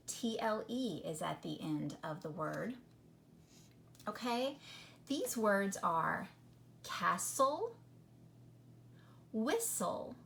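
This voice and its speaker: A woman teaching young children to read, asking questions and drawing out each word in an unhurried, careful way. Her speech is slow and deliberate, and a faint hiss sits under the recording. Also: medium pitch, gravelly. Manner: slow, patient, questioning, sounds out words. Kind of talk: phonics lesson for children.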